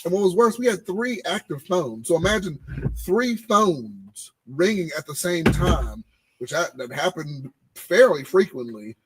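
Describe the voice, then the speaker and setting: A man, co-hosting a casual podcast and telling animated stories about his old job. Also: on the high side, unhurried, very noisy. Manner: animated storytelling, repeating phrases. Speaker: podcast co-host. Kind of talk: casual chat.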